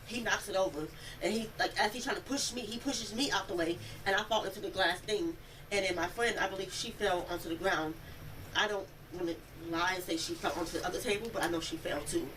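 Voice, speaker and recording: A young woman recounting an incident in an interview, telling it in a rambling, animated way and acting out the quoted speech. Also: mid-range voice, a little fast. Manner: animated storytelling, acts out quoted speech, many "like" fillers. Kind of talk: rambling first-person account. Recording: distant mic, noisy room audio.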